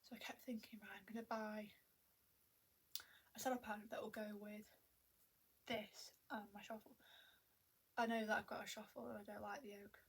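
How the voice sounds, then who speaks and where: A woman's voice: medium pitch, level tone, brisk, gravelly, breathy edge. A young woman vlogging at home into a tablet camera, chatty and self-mocking, a little out of breath and often half-whispering. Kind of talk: rambling casual chat to camera. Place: at home indoors.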